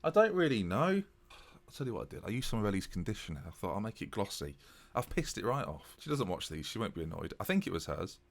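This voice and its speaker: A young man giving casual, animated, self-mocking commentary while playing a football management game. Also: fairly low pitch, fast talker, vocal fry. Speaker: gaming YouTuber.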